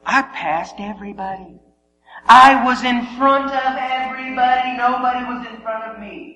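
A man preaching, telling a funny story with shouted exclamations and quiet asides. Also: extremely high pitch, moderate pace, dull audio. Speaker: pastor. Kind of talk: sermon with humorous personal story. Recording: long hall reverb, faint hum.

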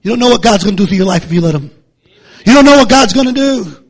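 A male preacher, delivering a fiery sermon that swings from low muttering to shouting, with many repeated words. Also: animated, quick pace, husky.

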